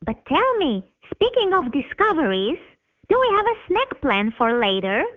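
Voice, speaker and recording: A woman's voice: high-pitched, wildly swooping pitch, normal speed, dry recording, phone-quality sound. A synthetic female voice playing a chatty, grandiose female dachshund with flowery, mock-formal wording.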